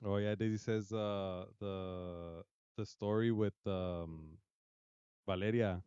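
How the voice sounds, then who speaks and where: A man's voice: sits low, fairly even intonation, slow, dark tone, clear, resonant tone, no room sound, muffled recording. Rambling bilingual man telling a spooky story. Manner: rambling, swearing, mixing English and Spanish. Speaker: podcast co-host. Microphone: podcast mic.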